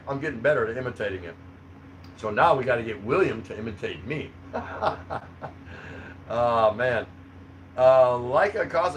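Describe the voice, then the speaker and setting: A man's voice: mid-range voice, animated, unhurried, pauses often, a bit bright, a little hiss or hum, poor audio. A man hosting a livestream, reading out chat comments in a rambling, chuckling, easygoing way. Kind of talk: casual live chat. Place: home in the Philippines.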